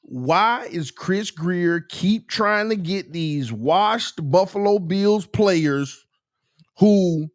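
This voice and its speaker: A man hosting a casual sports fan livestream, ranting and repeating himself with bursts of laughter and shouting. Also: high-pitched, no room sound, clean studio sound. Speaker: sports channel host.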